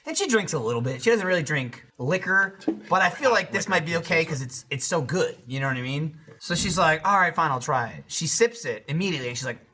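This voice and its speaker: A man telling a story in casual podcast chat, animated and laughing, full of swearing and filler words. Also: fairly high pitch, quick pace, few pauses, a little hiss or hum. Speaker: podcast regular.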